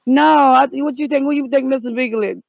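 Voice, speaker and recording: A woman, hamming up a comic vlog outdoors, playing scared and shouting out calls. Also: high voice, fairly even intonation, quick pace, gravelly, no room sound, muffled recording. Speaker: vlogger. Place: outdoors in the cold.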